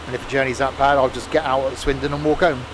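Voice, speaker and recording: A man's voice: medium pitch, little pitch movement, fast, noisy background. A man streaming a train simulator live, chatting and rambling as he counts off the stops. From England. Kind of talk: live game commentary.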